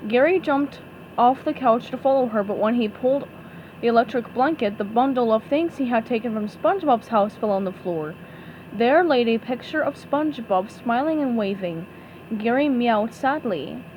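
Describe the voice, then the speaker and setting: A woman narrating a storybook aloud in an expressive, animated way. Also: on the high side, normal speed, highs cut off, slight background noise. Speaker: storybook reader.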